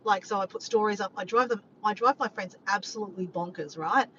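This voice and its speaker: A woman's voice: mid-range voice, a little fast, fairly bright tone. A woman chatting casually to her vlog audience, rambling from point to point and swearing freely. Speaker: vlogger. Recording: dull lo-fi sound with faint background noise.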